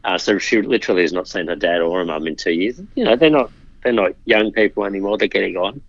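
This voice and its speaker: A man, a politician guest, talking in a measured way with frequent restarts in a casual interview. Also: sits low, no room sound, dull audio. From Australia.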